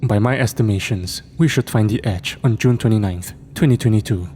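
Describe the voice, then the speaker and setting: Man reading a smug, self-important scientist, low and dark, lecturing tone. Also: fairly quick, natural voice. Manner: confident, lecturing. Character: arrogant male scientist, self-important and obsessive.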